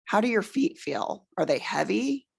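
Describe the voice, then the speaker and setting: A middle-aged woman leading a room through a guided relaxation exercise, giving slow, soothing instructions. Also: mid-range voice, sing-song, vocal fry, breathy edge. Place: presentation room with an audience.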